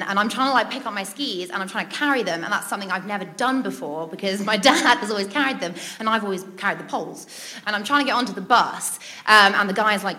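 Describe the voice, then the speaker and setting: A woman's voice: medium pitch, fast talker, bright, forceful tone. A woman telling a funny personal story in a chatty way, giggling often and dropping in ums. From Britain. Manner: chatty, giggles between lines, many ums. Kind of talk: comic personal anecdote.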